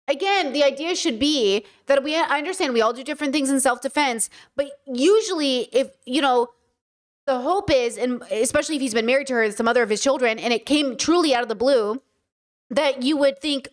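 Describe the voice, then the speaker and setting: A woman's voice: sits high, a little fast. A woman hosting casual commentary on courtroom footage, blunt and sarcastic, thinking aloud. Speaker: host commenting on trial footage.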